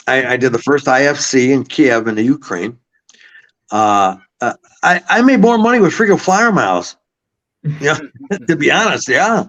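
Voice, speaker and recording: A man's voice: mid-range voice, lively intonation, moderate pace, a bit bright. A man from Buffalo, New York, a podcast guest, telling long rambling stories with swearing. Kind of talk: casual storytelling. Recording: slightly muffled audio.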